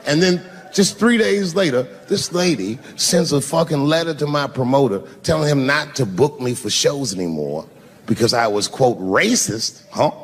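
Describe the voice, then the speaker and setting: A man performing a profane stand-up routine on a big stage, shouting his punchlines. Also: medium pitch, animated, moderate pace, a little hiss or hum. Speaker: stand-up comedian. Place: large live venue with audience. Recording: echoey hall, crowd laughter.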